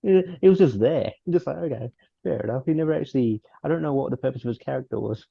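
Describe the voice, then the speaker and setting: Fast and slightly rough, this man's creaky mid-range voice carries his rambling co-host talk on a casual film review podcast, full of restarts and chuckles. The sound is dull, dry, and lo-fi, with no room sound.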